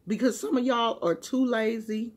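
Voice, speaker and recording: A woman vlogger rants emphatically and casually to the camera, sinking to low murmurs before rising into loud, high outbursts. She keeps a moderate pace.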